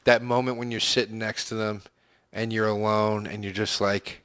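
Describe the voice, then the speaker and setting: A man's voice: lowish voice, level tone, moderate pace, fairly bright tone, smooth. A man co-hosting a comedy podcast, telling stories in an exasperated, self-mocking way. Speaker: podcast co-host. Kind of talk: casual comedic chat.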